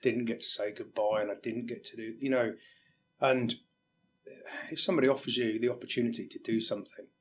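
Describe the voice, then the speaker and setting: A man from England, a firefighter, speaking candidly and haltingly in an interview, sometimes acting out quoted exchanges. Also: mid-range voice, steady tone, a little hiss or hum. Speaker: firefighter guest. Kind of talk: reflective interview talk.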